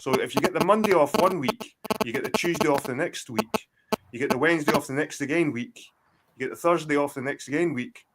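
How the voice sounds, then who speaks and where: A man's voice: on the high side, brisk, noisy background. A Scottish man in his forties, a guest in a casual chat, telling rambling, profane stories full of restarts over a video call. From Scotland. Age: 40s.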